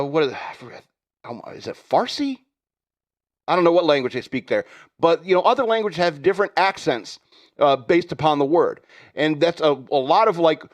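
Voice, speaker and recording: A man hosting a podcast, delivering a rambling, sarcastic comedic rant and laughing at his own jokes. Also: high voice. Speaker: podcast host.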